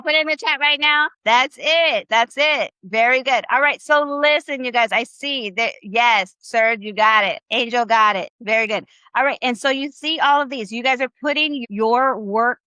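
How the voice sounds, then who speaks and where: A woman runs a live online Spanish class in a bright, forceful, slightly high voice. She's upbeat and coaching, constantly firing questions at viewers, and the sound is close and dry.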